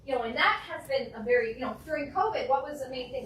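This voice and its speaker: A woman teaching a live real estate negotiation class to an audience, talking in a lively way and acting out phone calls. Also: high voice, quick pace. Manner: lively, acts out phone calls and client replies. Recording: echoey room from a distance, faint noise.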